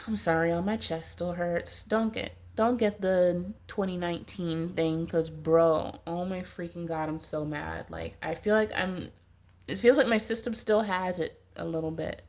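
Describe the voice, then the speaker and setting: A woman with a blocked nose and a distinctly nasal sound gives a casual tarot reading. Her voice sits a little low. She rambles and fills her talk with "like". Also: fairly even intonation, unhurried, a little mellow. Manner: rambling, heavy use of "like". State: stuffy nose, congested. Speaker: tarot reader.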